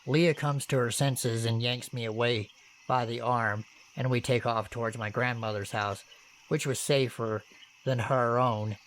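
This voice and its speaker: A man's voice: medium pitch, unhurried, slight background noise. Man narrating scary true stories. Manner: steady, earnest storytelling with casual swearing. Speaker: horror story narrator. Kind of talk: first-person horror story narration.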